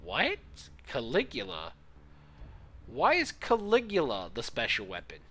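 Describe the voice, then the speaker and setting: A man streaming a story game live, reacting loudly and incredulously, swearing and laughing between lines. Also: mid-range voice, wildly swooping pitch, measured pace, husky.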